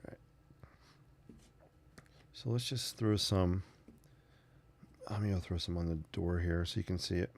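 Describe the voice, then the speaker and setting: Deep gravelly man chatting while he paints. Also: unhurried, pauses often. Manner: relaxed, rambling, talks while painting. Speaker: art livestream host. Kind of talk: casual sketching livestream chat.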